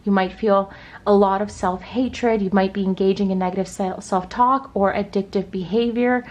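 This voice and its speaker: Woman doing a pick-a-card tarot reading, gentle and measured, mid-pitched voice. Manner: gentle, reassuring, slow and measured. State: choked up. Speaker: tarot reader.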